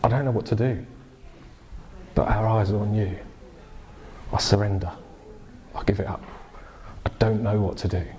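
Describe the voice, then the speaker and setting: A man preaching a sermon in a relaxed, conversational way, telling stories with lively bursts and restarts. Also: on the low side, moderate pace, long pauses, slight background noise, rough recording. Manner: conversational, animated storytelling with restarts. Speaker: pastor.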